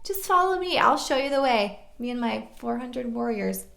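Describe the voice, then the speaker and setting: A woman voicing an emotional man greeting his long-lost younger brother, effusive and excited. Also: a little high, moderate pace, vocal fry. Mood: cheerful. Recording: roomy echo.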